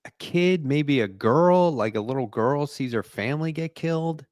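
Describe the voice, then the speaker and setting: A man co-hosting a casual podcast chat, animated and joking. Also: on the high side, moderate pace, no echo, clean studio sound. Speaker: podcast co-host.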